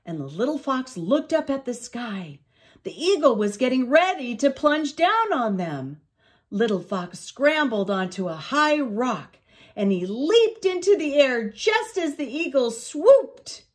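An older woman reading a children's storybook aloud in an expressive, unhurried way. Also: sits high. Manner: expressive, slow read-aloud.

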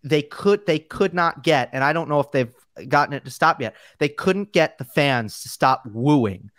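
A man's voice: fairly high pitch, lively intonation, moderate pace, fairly bright tone, no room sound. Easygoing man guest, dry close sound. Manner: easygoing, hesitant with fillers and restarts. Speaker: tennis analyst guest. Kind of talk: casual chat.

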